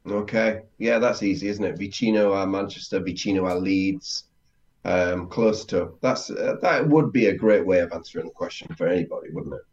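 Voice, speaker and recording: Low-voiced English man learning Italian. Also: fairly quick, hardly any pauses, a little mellow. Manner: curious, tentative, asks questions. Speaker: learner and co-host. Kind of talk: conversational language lesson. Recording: dull lo-fi sound.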